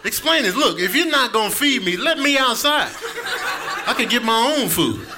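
A man voicing a hungry, irritated house cat who loudly scolds its owner for an empty dish. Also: very high voice, expressive, moderate pace, background noise, pitched above the performer's own voice. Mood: demanding. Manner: loud, indignant, scolding.

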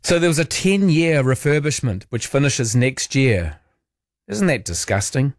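A man's voice: medium pitch, big pitch swings, a little slow, dry recording. A male late-night radio host, chatty and opinionated, tossing off sarcastic asides. He speaks close to the studio mic, so his voice sounds dry and direct. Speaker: radio talk show host.

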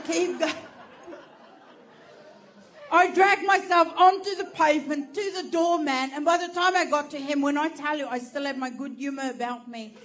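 A woman's voice: high voice, a little hiss or hum. A woman doing stand-up, telling a story animatedly, swearing and laughing through it. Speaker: stand-up comedian.

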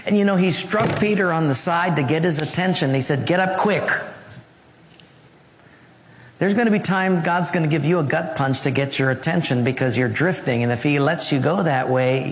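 Male pastor, lively story-driven sermon, slightly high voice, echoey hall, faint ambience. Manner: animated storyteller who swings his pitch and laughs through his story.

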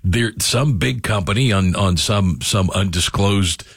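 A man's voice: low voice, measured pace, breathy edge, no room sound, clean studio sound. A man calling in to a radio show, chatting with hesitations, restarts and wry humour. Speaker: caller. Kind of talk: casual phone-in chat.

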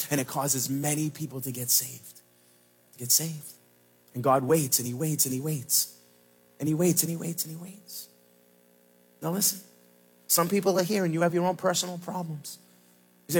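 A man preaching a sermon as pastor, swinging between loud emphatic cries and quiet low asides in a sing-song cadence, repeating his phrases. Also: normal speed, long pauses, breathy edge, soft background music.

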